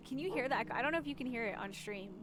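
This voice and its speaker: A woman's voice: high-pitched, expressive, racing, background noise. A woman streamer chatting casually and rambling while she plays, often giggling. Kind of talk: casual chat while gaming.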